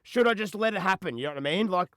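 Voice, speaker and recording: A man's voice: high voice, animated, rapid-fire, fairly bright tone, no room sound, clean studio sound. A young Australian man hosting a call-in podcast, rambling in slang and ending lines with "cuz" and "bro.". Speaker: podcast host. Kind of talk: casual chat answering callers.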